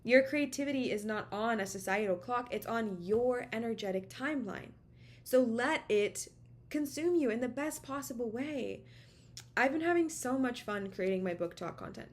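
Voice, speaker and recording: A woman's voice: fairly high pitch, moderate pace. Encouraging woman tarot reader, chatty. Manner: encouraging, repetitive, emphatic, chatty. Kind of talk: casual direct-to-camera channeled message. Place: home office. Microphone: camera mic.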